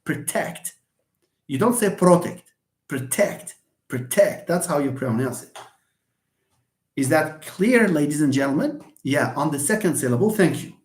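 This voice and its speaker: Man, teacher, lively swooping delivery, slightly high voice, echoey room. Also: normal speed. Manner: animated, repeats words for emphasis. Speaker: English teacher. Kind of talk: live online lesson.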